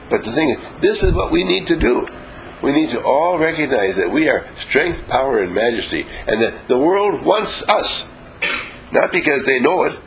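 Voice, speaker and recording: A man leading a motivational seminar, his voice rising and falling widely as he acts out little dialogues and coaxes the room to answer louder. He speaks at a middle pitch to a live audience in a meeting room, with a faint low rumble underneath. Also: creaky, low-quality recording. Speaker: seminar leader.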